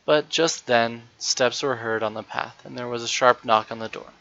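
Male storybook narrator, steady, bright, lo-fi sound. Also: medium pitch, moderate pace. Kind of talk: reading a children's story aloud. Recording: dull, lo-fi dry recording.

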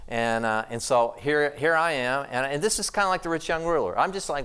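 A man's voice: mid-range voice, expressive, a little fast, fairly bright tone, clean tone. A middle-aged American man, a pastor preaching a sermon in a conversational, storytelling way. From United States.

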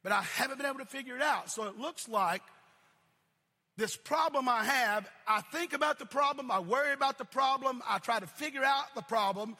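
A male pastor with a high, piercing, bright voice delivers a sermon in repeating cadences. He swells to shouts and falls back to near-murmurs. His voice rings out with a long hall reverb. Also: a little fast. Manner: preaching in repeated cadences, swelling to shouts then dropping low.

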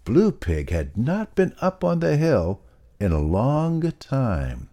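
A man reading a children's story aloud in an unhurried, expressive way. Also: medium pitch.

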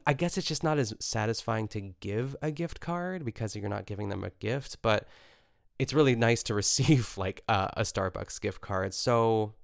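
A man's voice: on the low side, gravelly, dry recording, clean studio sound. A young man hosting a podcast, chatting casually in a rambling, filler-heavy way with amused asides. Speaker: podcast host. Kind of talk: casual chat recapping a cooking show.

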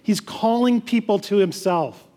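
A man's voice: high voice, unhurried, warm tone, long reverb tail. A man preaching a sermon as pastor, earnest, often repeating words and restarting phrases.

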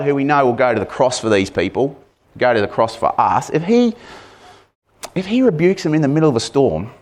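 Conversational male preacher. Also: mid-range voice. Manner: conversational, asks the congregation questions; acts out shouted lines with sudden loud bursts. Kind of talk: sermon.

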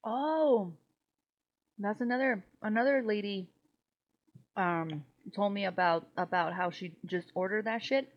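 A woman's voice: mid-range voice, a little slow. Woman podcast co-host, tipsy, rambling, curses a lot, slightly muffled lo-fi recording. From Mexico. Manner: rambling, swears freely, laughs often. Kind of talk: casual tipsy podcast chat. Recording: slightly dull lo-fi sound.

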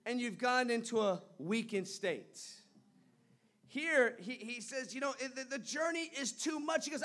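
High-voiced animated male preacher. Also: a little slow. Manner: animated storytelling, shifting from loud to hushed. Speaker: pastor. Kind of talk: sermon. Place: church.

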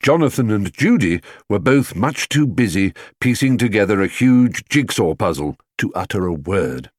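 A man reading a children's storybook aloud as scripted audiobook narration, lively and expressive. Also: on the low side, normal speed, breathy edge, no echo, studio quality. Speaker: audiobook reader.

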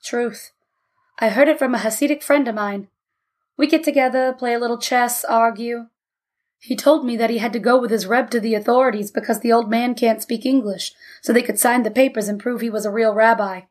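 A woman's voice: a little high, steady tone, brisk, close to an everyday voice. A woman voicing a blunt, wisecracking old man in a read-aloud story. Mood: wry.

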